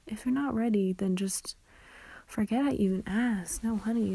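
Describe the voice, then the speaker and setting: A young woman in a whispered role-play, talking softly, tenderly and reassuringly, with frequent giggles. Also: mid-range voice, normal speed, vocal fry, breathy edge, rough recording. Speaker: ASMR performer.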